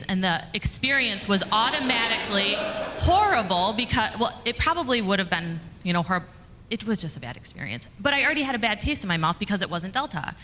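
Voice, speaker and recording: Bright-voiced woman in a reverberant hall. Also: medium pitch. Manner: conversational, chatty, with fillers and restarts. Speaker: conference speaker, communications director. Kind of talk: storytelling talk to an audience. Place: conference hall.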